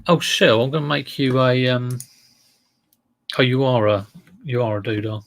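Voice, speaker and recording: A man's voice: mid-range voice, moderate pace. A man hosting a casual reseller livestream, chatting to viewers in a rambling way while he handles and lists items.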